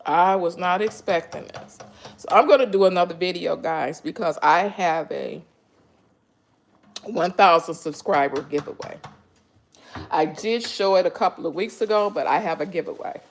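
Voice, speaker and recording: A woman's voice: fairly low pitch, normal speed. Emotional woman hosting a cooking live. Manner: emotional, breathy exclamations, speaks to viewers as y'all. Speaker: cooking channel host. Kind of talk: live-stream cooking chat. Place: home kitchen.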